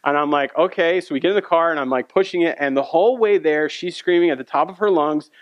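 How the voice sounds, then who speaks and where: A pastor delivering a sermon in a loose, storytelling way, chatting with the congregation as he goes. His voice sits high for a man and sounds dry and close, with almost no room around it. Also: quick pace, no room sound, muffled recording. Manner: storytelling, conversational with audience asides.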